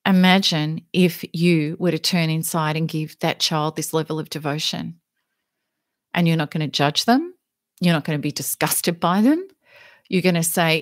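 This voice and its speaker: A woman's voice: low-pitched, moderate pace, no room sound, studio quality. Earnest woman giving a motivational talk. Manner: earnest, emphatic, uses analogies. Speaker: self-help teacher.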